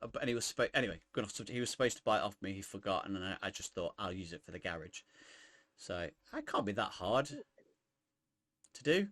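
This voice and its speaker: A man's voice: fairly low pitch, animated, fairly bright tone, no echo. A man co-hosting a podcast, chatting casually with many restarts and asides. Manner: halting, lots of restarts and asides. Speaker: podcast co-host. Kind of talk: casual chat.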